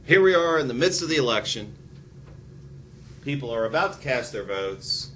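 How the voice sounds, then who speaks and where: A male history lecturer talks through his material in an animated, theatrical way. He keeps a middle-pitched voice, drops in wry, sarcastic asides, and a faint hiss sits under the recording. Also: moderate pace. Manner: animated, acts out quotes with big pitch jumps.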